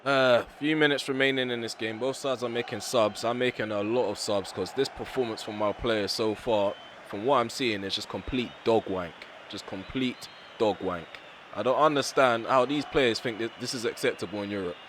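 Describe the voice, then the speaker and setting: A young man commentating his own football video game, ranting bluntly at his players with a voice going hoarse. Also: medium pitch, fairly even intonation, fairly quick, few pauses, a bit bright, slight background noise. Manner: frustrated, ranting, blunt with mild swearing. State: voice getting hoarse. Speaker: gaming YouTuber. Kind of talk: live gameplay commentary.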